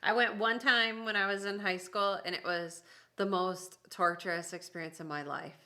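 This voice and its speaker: Female, bright voice, laughing, casual conversational storyteller. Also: mid-range voice, steady tone, normal speed. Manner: laughs often, chatty and teasing. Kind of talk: casual chat.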